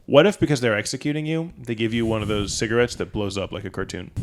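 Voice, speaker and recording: A man's voice: mid-range voice, quick pace, a little hiss or hum. A man co-hosting a comedy podcast, riffing through absurd scenarios and acting out silly voices with lots of laughter. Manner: animated, acts out silly voices and laughs a lot. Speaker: podcast co-host.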